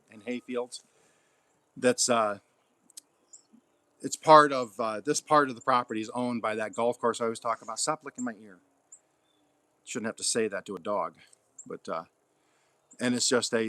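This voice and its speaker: Man, folksy homestead vlogger, medium pitch, chatting in the backyard and talking to his dog. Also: pushed and bright, dry recording. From Oklahoma. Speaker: gardening vlogger. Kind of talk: casual chat while gardening. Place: backyard garden, outdoors.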